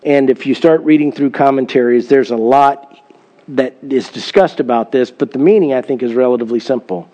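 A man's voice: mid-range voice, brisk, dark tone, muffled recording. A middle-aged man, a pastor, preaching a sermon in an earnest storytelling manner, with emphatic scripture reading.

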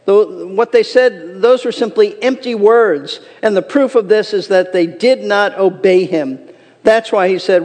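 A high-pitched man preaching in an earnest, emphatic way, reading scripture and explaining it. His voice rings out with a long reverb, as if in a large hall. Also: darkish tone. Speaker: pastor. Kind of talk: sermon.

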